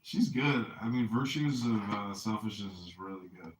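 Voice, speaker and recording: A man's voice: lowish voice, normal speed, noisy background. A man hosting a podcast and chatting casually, rambling with constant fillers and frequent swearing. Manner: rambling, profane, heavy on "like". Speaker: podcast host. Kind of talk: casual chat. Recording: echoey room, distant mic.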